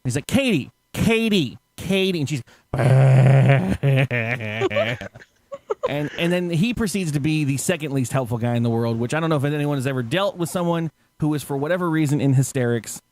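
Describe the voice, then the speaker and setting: A man's voice: fairly high pitch, fast, hardly any pauses, a little mellow. A man telling a story in casual chat, laughing often and acting out quotes with swearing.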